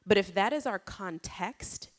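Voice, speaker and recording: A woman's voice: medium pitch, unhurried. A woman giving a conversational keynote talk at a conference. She tells stories informally, often saying "like" and "you know", and raises her voice when she acts out what people said. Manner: lively, dramatizes quotes with raised voice. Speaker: conference speaker.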